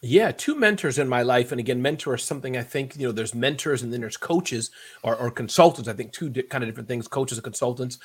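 A man's voice: medium pitch, animated, fast talker, breathy edge. A man around fifty, a podcast guest talking animatedly in a casual interview, often repeating words as he builds a point. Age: 50s.

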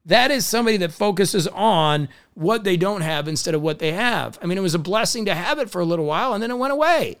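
A middle-aged man with a high, gravelly voice delivers a motivational talk. He is upbeat and enthusiastic, and he moves easily from advice into stories. Now and then he acts out the people in those stories. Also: fast, few pauses. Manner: energetic, enthusiastic, storytelling with acted quotes. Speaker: motivational speaker.

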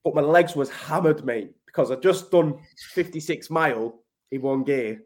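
A man tells his story in a casual, blunt way, swearing freely and calling the host mate. His voice sits fairly high for a man. He speaks as a podcast guest. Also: normal speed, a little mellow. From Manchester, England.

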